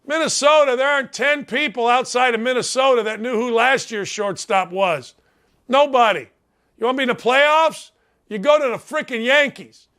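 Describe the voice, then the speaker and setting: High-pitched fifty-something guy ranting on a sports show, blunt, yells his points over and over. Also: moderate pace, clear, resonant tone. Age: 50s. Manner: blunt, combative ranting, repeats his points and breaks into shouts. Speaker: sports talk show host. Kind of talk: sports talk radio rant.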